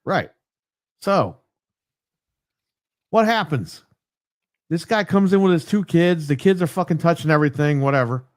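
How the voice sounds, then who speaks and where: A man with a slightly high, very lively voice tells a story from his game store. He swears freely and sounds fed up. The sound is close and dry. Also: normal speed, pauses often, dry recording. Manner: profane, exasperated storyteller. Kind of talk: casual ranting storytelling.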